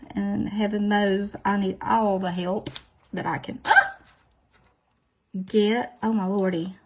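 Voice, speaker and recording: Lady doing her nails on video, gravelly voice, keeps laughing at herself. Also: mid-range voice, takes it slowly, pauses often, a little mellow, a little hiss or hum. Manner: chatty, self-deprecating, exclaims often. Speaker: nail tutorial host. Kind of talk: casual chat while doing nails.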